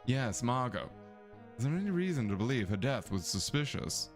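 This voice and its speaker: Dude putting on a posh clipped investigator voice, formal and calm, lively rise and fall. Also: male voice, mid-range voice, normal speed, soft background music, close to an everyday voice. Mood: composed. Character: posh, composed male investigator.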